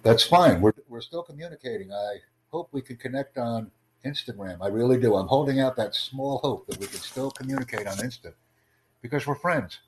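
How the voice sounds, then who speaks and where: Male streamer, mid pitch, calm salesy patter, unflappable. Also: a little fast, a little hiss or hum, rough recording. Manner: calm, smooth, promotional, unbothered. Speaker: streamer recording a voice chat. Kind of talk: casual live-stream chat.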